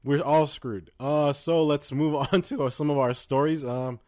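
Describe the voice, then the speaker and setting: A man's voice: a little high, fairly even intonation, a little slow, darkish tone. A young man co-hosting a podcast, chatting casually and rambling with fillers and laughs. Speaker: podcast co-host. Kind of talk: casual chat.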